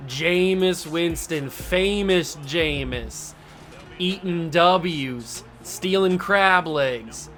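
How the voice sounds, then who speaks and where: A man hosting and commentating his own football video game, animated and jokey, with bursts of mock outrage. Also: on the high side, extremely slow. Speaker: gaming YouTuber host. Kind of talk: live gameplay commentary.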